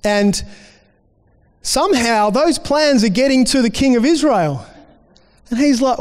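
A man's voice: extremely high pitch, expressive, a little slow. A man preaching a sermon as pastor in a casual, conversational way, often restarting and briefly voicing the people in his story. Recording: long reverb in a hall.

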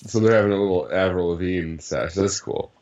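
A man's voice: deep voice, fairly quick, darkish tone, dull audio. A young man co-hosting a podcast, easygoing and laughing often, hedging with "I mean" in casual chat. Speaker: podcast co-host.

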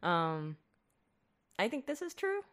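Giggly woman co-host, bright tone, lively pitch, close studio mic. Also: slow, slight background noise. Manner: giggly, laughs often. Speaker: podcast co-host. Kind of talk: casual chat. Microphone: studio mic with pop screen.

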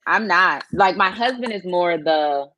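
A woman's voice: lowish voice, animated, unhurried, bright, forceful tone, highs cut off. A woman guest on a casual faith podcast, talking in a frank, joking, emphatic way.

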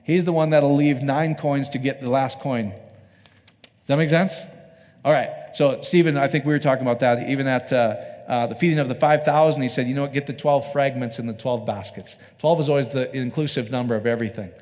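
A man's voice: medium pitch, fairly quick, darkish tone. A man preaching a sermon in a loose, conversational way, often asking his listeners rhetorical questions. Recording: long reverb of a hall.

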